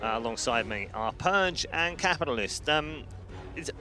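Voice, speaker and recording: A man's voice: a little high, expressive, normal speed, pushed and bright, soft background music. A man from the UK, hosting an esports panel in a chatty, teasing way. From United Kingdom. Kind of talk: casual panel chat.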